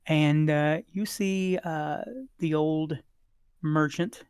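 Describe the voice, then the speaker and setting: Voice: mid-range voice, steady tone, very slow, darkish tone, clear, resonant tone, no echo. A game master casually narrating a tabletop game with many fillers.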